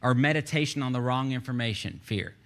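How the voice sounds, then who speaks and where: A Texan man preaching a sermon with a bright, forceful voice. He is a pastor who talks to his congregation like he's chatting with friends, slipping jokes and asides into his points. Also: medium pitch, brisk. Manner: animated, joking, conversational preaching. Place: church stage.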